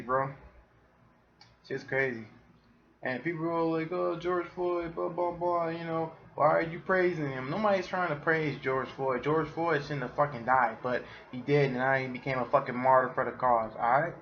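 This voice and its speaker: Solo podcast host, male, mid pitch, profane and animated, slightly muffled home recording. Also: a little hiss or hum. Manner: profane, animated, laughs often. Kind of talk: casual solo podcast rant.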